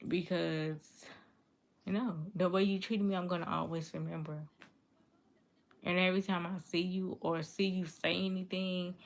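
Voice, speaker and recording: Woman vlogging straight to her viewers, aave speech, gravelly low voice, says things over and over like she means it. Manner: earnest, repetitive, emphatic. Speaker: livestream vlogger reading viewer comments. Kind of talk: casual confessional talk to viewers.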